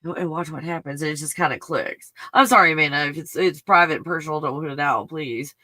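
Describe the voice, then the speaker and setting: Female live-stream host, bright and crisp, effusive and emotional, dry close sound. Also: sits low, fairly quick, no echo. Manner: effusive and emotional, gushing with exclamations. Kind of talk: live-stream talk reading viewer comments.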